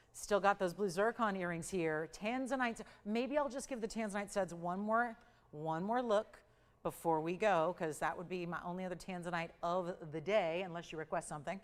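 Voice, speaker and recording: A woman hosting a live TV jewelry sale, chatty and jokey, running auction countdowns with sudden excited jumps in her voice, recorded in a TV studio on a lapel mic. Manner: chatty, animated, jokey, pitch swings up for countdowns. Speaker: shopping channel host.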